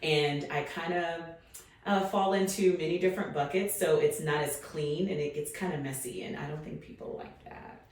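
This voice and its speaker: Low-voiced woman guest in an echoey room. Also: moderate pace. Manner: relaxed, with fillers and affirmations. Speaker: podcast guest, military veteran. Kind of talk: casual podcast chat.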